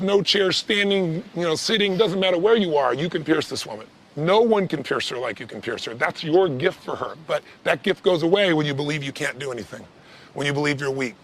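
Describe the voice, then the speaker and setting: A man leading a live coaching session, intense and direct, pressing with quick questions. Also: on the high side, gravelly, slight background noise. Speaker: life coach on stage.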